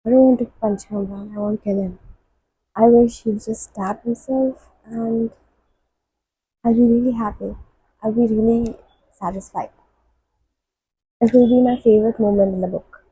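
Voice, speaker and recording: A woman's voice: a little high, steady tone, moderate pace, pauses often, warm tone, breathy edge, no echo, rough recording. A young woman vlogging as she reads, gushing emotionally as she reacts and reads passages aloud. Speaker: book vlogger. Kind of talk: casual reading-vlog commentary.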